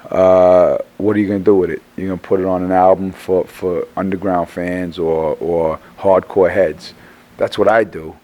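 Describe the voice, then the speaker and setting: A middle-aged man, a rapper, talking in a casual interview, tired and hoarse after a show, rambling with stammered restarts and plenty of swearing. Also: low-pitched, dark tone. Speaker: rapper guest.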